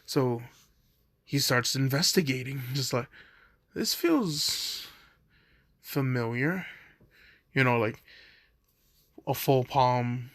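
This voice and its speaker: A man's voice: medium pitch, level tone, slow pace, long pauses, fairly bright tone, no room sound. A young man casually retelling a fan story, rambling with lots of fillers and laughing at himself.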